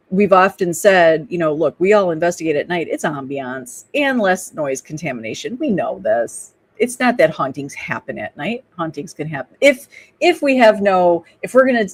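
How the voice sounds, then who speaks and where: A woman's voice: on the low side, breathy edge. Chatty woman co-hosting trivia night. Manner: chatty, upbeat, quick asides to viewers. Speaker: co-host of a paranormal trivia show. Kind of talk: casual live-stream chat, reading trivia questions.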